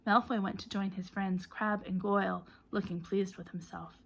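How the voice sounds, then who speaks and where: A woman narrating a storybook audiobook, reading in a lively way and putting energy into names and shouts. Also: medium pitch, normal speed, vocal fry.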